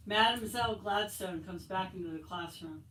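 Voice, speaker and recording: A woman author reading her novel aloud at a bookstore event, expressive and light. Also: on the low side, slight background noise. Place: bookstore, indoors. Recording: echoey room from far off, faint ambience.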